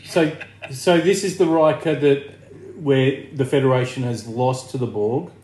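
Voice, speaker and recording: An easygoing man with a middle-pitched voice, chatting on a podcast with dry humor. His voice echoes in the room. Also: unhurried, a little mellow. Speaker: podcast co-host. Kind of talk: casual podcast chat.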